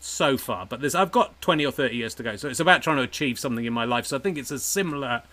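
A man's voice: mid-range voice, animated, rapid-fire, bright, forceful tone. An English man hosting a comedy podcast, rambling and self-mocking and laughing often as he chats with a guest. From England. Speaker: podcast host. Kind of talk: casual comedic interview chat.

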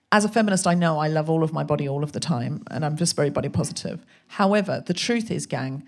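Lively storytelling woman, lowish voice. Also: vocal fry. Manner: animated, swearing, acts out voices in her anecdotes. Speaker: podcast guest. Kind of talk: casual comic storytelling.

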